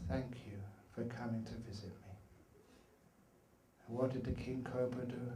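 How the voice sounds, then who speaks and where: A middle-aged man giving a dharma talk at a meditation retreat, telling animated and humorous stories. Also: mid-range voice, a little hiss or hum. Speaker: meditation teacher. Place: retreat hall. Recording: echoey hall, from far off.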